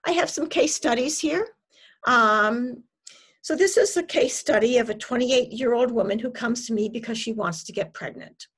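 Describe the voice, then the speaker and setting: A woman dietitian giving a presentation, explaining her method step by step in a measured way with frequent ums. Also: a little high, slightly rough. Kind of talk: presentation to an audience.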